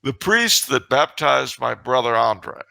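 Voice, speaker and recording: A middle-aged man co-hosting a talk show, telling stories with animated mock indignation and acting out the dialogue. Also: medium pitch, a little slow, vocal fry, crowd noise. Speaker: podcast co-host. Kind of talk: casual banter and storytelling.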